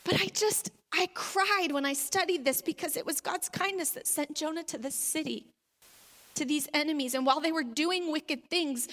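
Woman preacher, high and bright, lively conversational sermon, reverberant hall. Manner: animated, conversational, acts out little quoted scenes. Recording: long reverb of a large hall.

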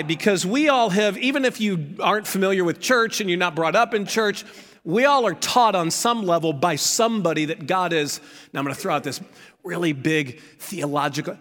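A man preaching a sermon as pastor, animated, acting out shouted pleas from the story. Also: high voice, big-room sound.

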